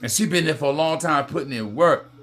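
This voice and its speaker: A man's voice: on the high side, quick pace, fairly bright tone, soft background music. A man from the United States hosting a heated political commentary rant, swearing often and repeating "you know what I mean". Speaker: commentary host.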